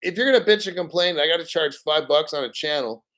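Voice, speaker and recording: A man on a casual livestream, talking about crypto in a loose, profane rant. His voice sits a touch higher than most men's, and he is blunt and mocking, sliding into sneering put-on voices when he quotes people he disagrees with. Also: fast, a bit bright. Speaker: crypto channel host.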